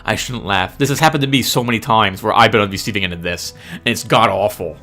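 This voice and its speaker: A man's voice: fairly low pitch, lively intonation, fast talker, sharp tone, faint music behind. A man giving chatty gameplay commentary as host, laughing often and sounding sheepishly apologetic. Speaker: let's play host.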